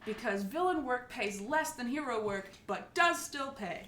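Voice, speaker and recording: A woman's voice: a little high, lively intonation, a little slow, a bit bright, a little hiss or hum. A woman voicing an upbeat young woman hero who talks like a news reporter, earnest and rambling, in a tabletop role-play. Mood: cheerful. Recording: echoey room, mic at a distance.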